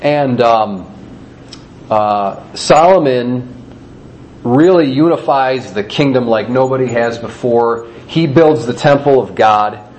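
A man teaching a Bible passage in a loose, conversational way, at a medium pitch. He retells the story with animated asides and reads verses aloud. A faint hum of noise sits behind him. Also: slow pace, low-quality recording.

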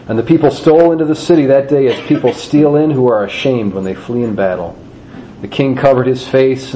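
A man's voice: medium pitch, animated, brisk, warm tone, slight background noise, low-quality recording. A man teaching a Bible passage in a casual, storytelling way, retelling events and reading scripture aloud.

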